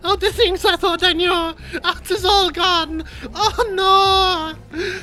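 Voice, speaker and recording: A man voicing a distraught male pasta cult zealot who wails melodramatically, pitched far above his own voice. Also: fairly even intonation, slow pace, bright, forceful tone, exaggerated voice. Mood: distraught sobbing. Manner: wailing, melodramatic.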